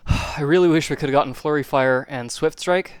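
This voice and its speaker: During live gaming commentary, a commentator reacts with panicky outbursts and nervous laughter, counting attack timings out loud and catching their breath afterward. The voice is mid-range, smooth and unhurried, recorded dry.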